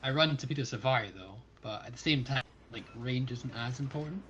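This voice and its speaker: A man's voice: mid-range voice, fairly quick, fairly bright tone, muffled recording, slight background noise. A Scottish man chatting casually as a fellow player on a gaming livestream, playfully opinionated. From Scotland.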